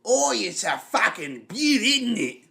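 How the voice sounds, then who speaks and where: A man voicing a brash, crude male fighter in a put-on Australian accent, raising his voice well above his normal pitch. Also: big pitch swings, slow pace, creaky, heavily acted. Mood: gleeful. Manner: loud, swaggering, foul-mouthed.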